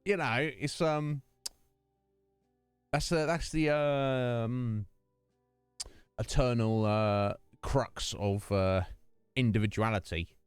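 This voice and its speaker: A British man streaming a game, musing aloud to his viewers in a relaxed, rambling way with plenty of ums and restarts. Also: mid-range voice, takes it slowly, pauses often, clear, resonant tone, no room sound, faint music behind. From United Kingdom. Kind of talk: casual chat during a game stream.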